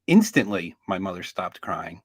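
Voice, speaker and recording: A man telling a casual story on a call-in show, his voice swinging widely in pitch as he acts out the people he describes. The sound is dry and close, with no room echo. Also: sing-song, normal speed. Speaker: caller.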